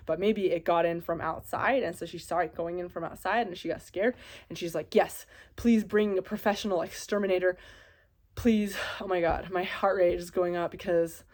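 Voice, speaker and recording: A woman with a somewhat low voice recounts a story in a casual vlog. She rambles with many "like"s and "um"s, her telling tense and worked up. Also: darkish tone. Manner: rambling, filler-heavy, anxious retelling. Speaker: vlogger and landlord.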